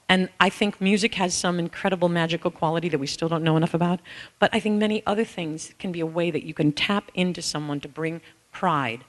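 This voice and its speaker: Speaking in a fairly low voice, an author and caregiver shares personal stories at a conference in a big echoing hall with an audience. She is animated and candid, sometimes bursting into bits of song.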